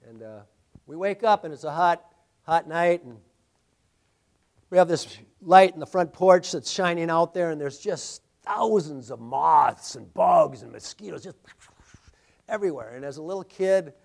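A middle-aged man preaching a sermon, swinging between loud, emphatic declarations and quiet, hushed storytelling. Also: on the high side, expressive, a little slow, vocal fry. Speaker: pastor.

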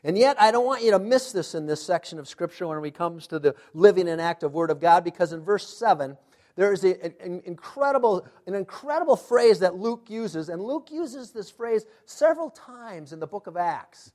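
A man preaching a sermon, emphatic, asking the congregation to fill in words and dropping to hushed, intense asides. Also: high voice, lively intonation, moderate pace. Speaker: pastor.

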